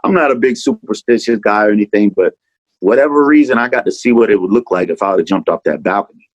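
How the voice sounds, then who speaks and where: Blunt low-voiced rapper. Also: male voice, fast, no room sound, poor audio. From Atlanta, USA. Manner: rambling, profane, peppered with "man" and "you know". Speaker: rapper, interview guest. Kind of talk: candid interview talk.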